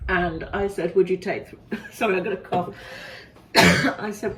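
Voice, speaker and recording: A woman's voice: on the low side, a little slow, fairly bright tone. A woman chatting as a friend on the vlog, teasing and laughing easily. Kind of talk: casual chat.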